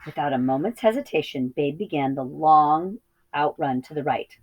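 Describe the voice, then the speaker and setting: A woman with a low voice reads a children's novel aloud, teacher-style, at a steady pace. She now and then stumbles on a word and corrects herself. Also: moderate pace, lo-fi sound. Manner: steady reading with small slips and self-corrections. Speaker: reading teacher. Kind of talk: storybook read-aloud.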